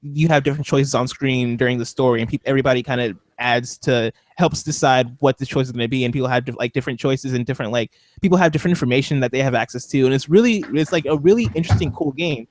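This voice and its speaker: A man co-hosting a podcast in a casual group chat, rambling excitably with lots of fillers. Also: medium pitch, quick pace, few pauses, no echo. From Seattle. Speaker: podcast co-host.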